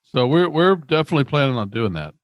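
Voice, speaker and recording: A man co-hosts a casual podcast and walks through his process step by step, restarting often. His voice sits at a middle pitch. The recording is dry and close. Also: very animated, fast talker, no room sound. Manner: practical, explains his methods with many restarts. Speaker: podcast co-host.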